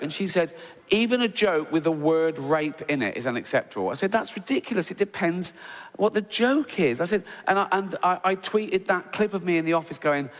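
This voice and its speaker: A middle-aged English man doing an animated stand-up routine, acting out voices and checking in with "right?" asides. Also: high-pitched, fairly quick. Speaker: stand-up comedian. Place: large venue with audience. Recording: live stage recording with hall reverb and audience noise.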